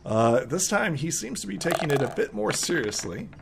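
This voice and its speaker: A man narrating a tabletop game as game master, casual and full of fillers, laughing often. His pitch swings a lot as he describes the action. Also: very animated, normal speed, creaky.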